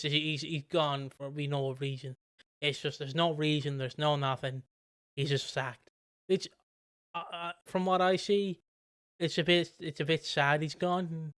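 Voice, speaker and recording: Podcast guy rambling n swearing, kinda high clean voice. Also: measured pace, clear, resonant tone, dry recording, clean studio sound. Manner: rambling, animated, swears freely. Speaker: podcast co-host. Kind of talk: casual podcast chat.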